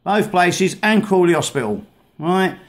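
A vlogger ranting angrily while playing clips of videos, swearing heavily and stumbling over repeated words. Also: male voice, high voice, lively intonation. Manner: swears heavily, halting and repetitive. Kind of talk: angry rant over played videos.

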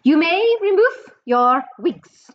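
A woman voicing a cruel, domineering old female witch leader, reading a storybook aloud in a harsh, shouted voice. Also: extremely high pitch, big pitch swings, takes it slowly, muffled recording, pitched above the performer's own voice, heavily acted. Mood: commanding.

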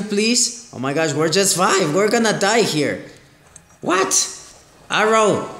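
A man hosting a gaming channel, commenting excitedly on a mobile game, exclaiming and repeating his phrases. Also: a little high, reverberant.

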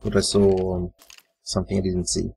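A man's voice: low-pitched, completely flat delivery, normal speed, creaky, warm tone, slight background noise. A man muttering and swearing casually while commentating his own live gameplay. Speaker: gamer. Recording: faint computer fan whine.

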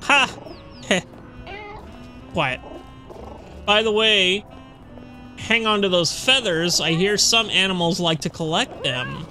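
Unhurried, bright-voiced, foul-mouthed gamer talking over play. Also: mid-range voice, lively intonation, faint music behind. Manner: chatty, swears freely, with loud frustrated outbursts. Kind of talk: casual gameplay commentary.

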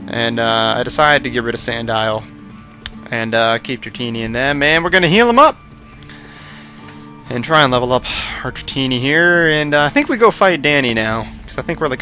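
Young man, hoarse strained voice, bright tone, rambling gameplay commentary, excitable shouts. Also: mid-range voice, fairly quick, soft background music. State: strained, worn-out voice. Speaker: gaming commentator. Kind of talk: casual game commentary.

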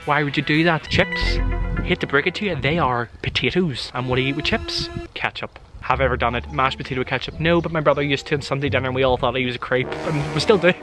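A man's voice: mid-range voice, fast. A young man talking in a casual vlog, giving playful, exaggerated rants full of jokes. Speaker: vlogger. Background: background music.

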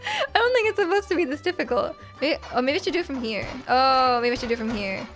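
A woman's voice: high-pitched, sing-song, fast talker, fairly bright tone, soft background music. A young woman from Canada live-streaming a game, chatting with her viewers and laughing often. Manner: giggly, chatty, reads chat aloud. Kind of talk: casual live-stream chat while gaming.

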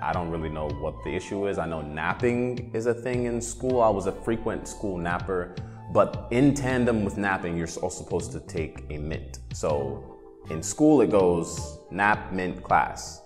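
Young man, comedic rant, lively rambling delivery, lowish voice, reverberant room, faint background music. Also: a little slow. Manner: animated, rambling, jumps into silly voices. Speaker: vlog host.

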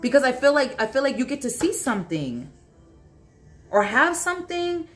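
A woman doing a solo tarot reading, talking straight to the viewer in a halting, repetitive way, often swearing and asking aloud for cards. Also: sits high, big pitch swings, soft background music. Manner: blunt and profane, talks straight to the viewer; halting, repeats herself, asks aloud for cards. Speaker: tarot reader.

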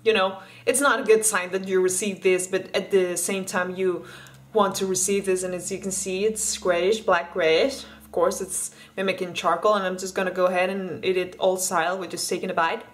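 A woman's voice: fairly low pitch, little pitch movement, normal speed, rough recording. A woman from Spain in a casual vlog, chatting and eating as she tries candy, often restarting her words. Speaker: vlogger.

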